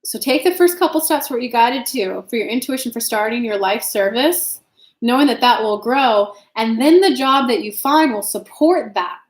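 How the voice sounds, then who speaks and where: A woman's voice: a little high, lively intonation, moderate pace. Chatty tarot-reading woman in an echoey room. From United States. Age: young adult. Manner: chatty, reads comments aloud, swears casually. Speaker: tarot reader and channel host. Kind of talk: casual live-stream tarot reading.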